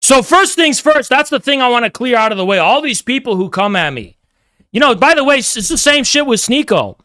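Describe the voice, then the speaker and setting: A man's voice: very high-pitched, very animated, a little fast, bright, forceful tone, no room sound, clean studio sound. A man streaming a heated, profane, combative rant. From United States.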